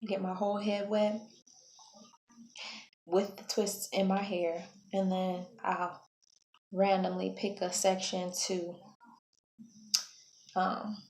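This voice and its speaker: A woman hair vlogger talking through her wash-day routine in a relaxed, chatty way, often correcting herself mid-sentence. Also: mid-range voice, slow, pauses often. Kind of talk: casual how-to vlog. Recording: echoey room, faint background hum.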